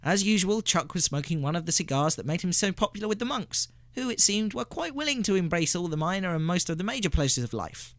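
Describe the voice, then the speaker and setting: Brief: male radio host narrating a short story, lively pitch, slightly high voice, very dry sound. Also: quick pace, few pauses, no echo. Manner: expressive storytelling reading. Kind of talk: scripted narration.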